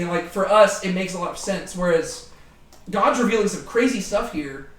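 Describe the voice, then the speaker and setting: A man leading a casual Bible study, talking in an animated way with many fillers. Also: high-pitched, normal speed. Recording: echoey room, distant from mic.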